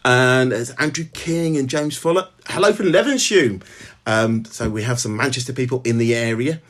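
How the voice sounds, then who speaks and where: A middle-aged man with a Brummie accent chats casually into his laptop at home, in a voice of middle pitch. His speech halts often, full of ums, restarts and friendly greetings to viewers by name. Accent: Birmingham. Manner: halting, filler-heavy, greets viewers by name. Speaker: author hosting a live stream. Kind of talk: casual live-stream chat.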